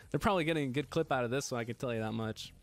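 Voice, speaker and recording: A man's voice: medium pitch, no echo. A man hosting a casual live stream, joking and laughing as he gets flustered over his own slip. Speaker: livestream host building a PC.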